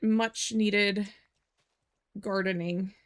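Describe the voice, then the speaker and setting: A woman's voice: medium pitch, steady tone, extremely slow, clear, resonant tone. A young woman streaming from home, chatting casually and rambling with lots of "like"s. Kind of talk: casual live-stream chat. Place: home room.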